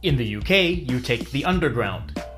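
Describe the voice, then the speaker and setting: Clear man explaining English grammar. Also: medium pitch, sing-song, normal speed, a bit bright, faint music behind. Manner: clear, explanatory, dryly humorous. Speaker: English teacher. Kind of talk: scripted educational narration.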